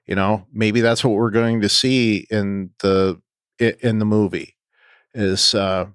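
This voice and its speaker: A man co-hosting a podcast, talking casually and haltingly with many ums and restarts. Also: fairly low pitch, fairly even intonation, clear, resonant tone, dry recording, studio quality. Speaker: podcast co-host.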